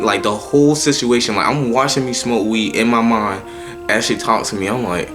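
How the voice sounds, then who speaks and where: A man's voice: mid-range voice, fairly even intonation, normal speed, over music. A young man telling a personal story in a casual, profane monologue, full of slang and stumbling restarts. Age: young adult.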